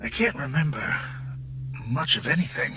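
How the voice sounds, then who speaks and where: An actor playing a dazed, wildly excitable disembodied brain who swings from whispers to shouts. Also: male voice, fairly high pitch, normal speed. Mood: giddy. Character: giddy disembodied male brain, cosmic and dazed. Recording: game music playing behind.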